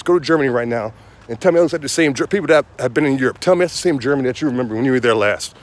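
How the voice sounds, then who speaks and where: Fast-talking heated man ranting outdoors. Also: medium pitch. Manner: heated, rambling, repeats himself, says "man" a lot. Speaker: show host. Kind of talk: outdoor political rant to viewers. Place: outdoors on a windy day. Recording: wind noise outdoors.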